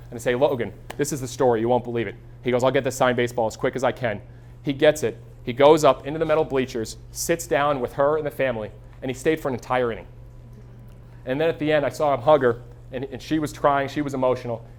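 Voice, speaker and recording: A man in his thirties giving a live keynote to an audience, telling energetic stories and acting out quoted voices. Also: mid-range voice. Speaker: keynote speaker. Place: stage before a live audience.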